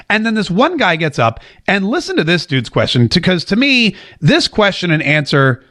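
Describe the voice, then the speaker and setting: A man's voice: sits high, very animated, a bit bright. A man from the United States hosting a political talk show, joking and sarcastic as he reads viewer comments. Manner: sarcastic, joking, quick asides.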